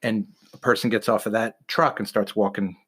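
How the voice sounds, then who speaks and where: A man in his fifties casually telling stories from his army days on a podcast, relaxed and full of fillers, acting out the dialogue. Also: fairly low pitch, moderate pace, breathy edge. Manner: relaxed, many fillers, acts out quoted dialogue. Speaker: podcast co-host, veteran telling war stories. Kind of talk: casual storytelling conversation.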